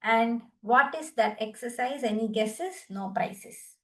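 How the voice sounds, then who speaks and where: A woman's voice: on the high side, slow pace, a bit bright. A woman with an Indian English accent leading a group wellness session, cueing exercises in an upbeat, encouraging way with bursts of laughter. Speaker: yoga and laughter therapy instructor. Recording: distant from the mic.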